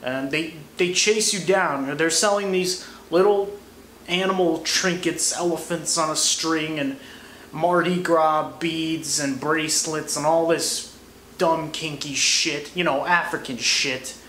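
A man's voice: a little high, steady tone, takes it slowly, fairly bright tone. Crude, sarcastic young comedian, man. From United States. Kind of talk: comedy monologue. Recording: echoey room, faint noise.

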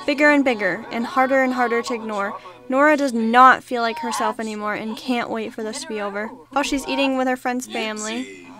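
A young woman with a slightly high voice talks through her life-simulation game in a loose, chatty way. She reacts to every moment and jumps into her characters' lines with playful running commentary. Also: a little fast, music in the background. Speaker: gaming YouTuber. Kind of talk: casual let's-play commentary.

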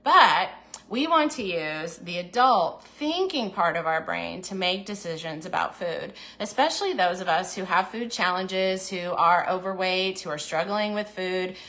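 Bright-voiced woman hosting a chatty livestream. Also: lowish voice, expressive, a little slow. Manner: encouraging, chatty, reads viewer comments aloud; acts out little inner voices in quotes. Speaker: diet program host. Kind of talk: casual livestream chat with viewers.

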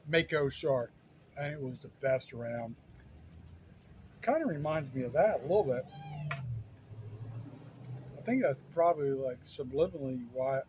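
A man in his fifties tasting his own cooking on a casual vlog, talking in a halting, stuttering, self-deprecating way, sometimes while chewing. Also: medium pitch, darkish tone, a little hiss or hum. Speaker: cooking vlogger.

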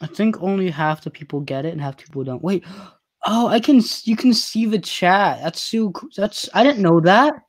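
Male co-streamer, fairly high voice, offhand chatty delivery. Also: expressive, moderate pace. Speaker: co-streamer friend. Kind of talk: casual live-stream chat.

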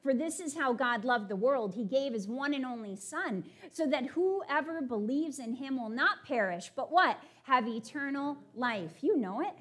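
A woman preaching a sermon, animated as she paraphrases and reads scripture to her congregation. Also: high voice, normal speed, hardly any pauses.

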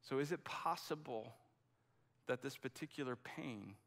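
A man's voice: medium pitch, a little slow, fairly bright tone. A man preaching a sermon in a conversational, emphatic way, often restarting his sentences. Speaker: pastor.

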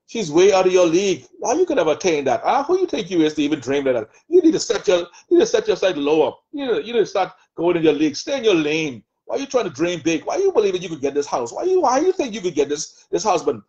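A man with a Bahamian accent preaching a sermon, taunting in rapid repeated jabs as he voices the enemy's lies. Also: high voice, very animated, darkish tone, lo-fi sound. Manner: taunting, mocking the devil's voice in rapid repetitive jabs. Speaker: prophet preaching.

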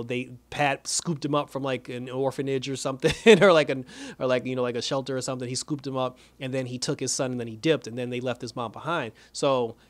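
Guy rambling through a tv episode recap, mid-pitched voice, loose and chatty. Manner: rambling, loose, with lots of fillers and laughs. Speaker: TV episode reviewer.

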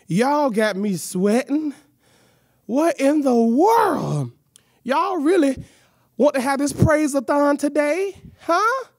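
A woman's voice: sits high, sing-song, takes it slowly, darkish tone, no room sound, clean studio sound. A woman hosting a church youth hour, out of breath, with exuberant call-and-response and playful teasing. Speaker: youth service host. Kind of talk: lively church show hosting.

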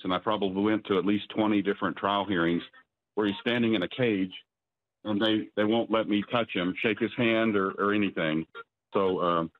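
Deep-voiced man on a tinny phone line. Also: no echo. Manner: halting, many restarts and fillers. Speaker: father of a released prisoner. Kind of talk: phone interview on a news broadcast.

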